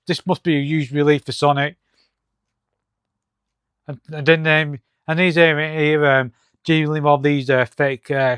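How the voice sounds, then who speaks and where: A man walks through a comic book issue, talking in a halting, hesitant way with many fillers and restarts, and reading the dialogue aloud in his own voice. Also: on the high side, a bit bright, clear, resonant tone, no room sound, clean studio sound. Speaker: comic reviewer. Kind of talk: casual comic-book walkthrough.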